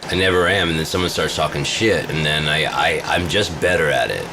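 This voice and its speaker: A vlogger with a very deep, low voice talks a little fast, boasting and swearing freely as he rambles through a casual video. Behind him a steady noise, like a humming vehicle, is clearly audible.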